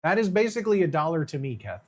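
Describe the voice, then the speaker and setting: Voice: mid-range voice, big pitch swings, quick pace. A live streamer in casual, playful chat with viewers, laughing often and eating candy while standing.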